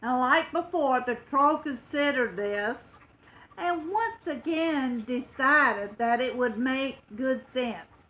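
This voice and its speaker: A woman reading a children's story aloud, expressive and acting out dramatic sound effects. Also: sits high, slow pace, low-quality recording.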